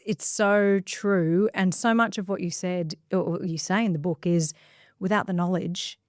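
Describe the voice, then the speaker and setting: A woman's voice: on the low side, fairly even intonation, unhurried, a little mellow, dry recording, clean studio sound. A woman in her forties hosting a podcast, asking questions in an upbeat, enthusiastic way. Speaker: podcast host. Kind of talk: podcast interview.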